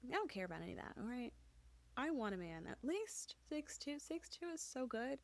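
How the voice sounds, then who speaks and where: A woman's voice: sits high, very animated, fairly quick. A woman in casual podcast chat, frank and opinionated, filling her talk with "like". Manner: opinionated, frank, heavy use of "like".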